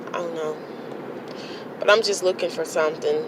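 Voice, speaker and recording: A woman's voice: deep voice, steady tone, normal speed, noisy background. A woman vlogging in a blunt, self-motivating way, talking herself up. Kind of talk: casual vlog monologue.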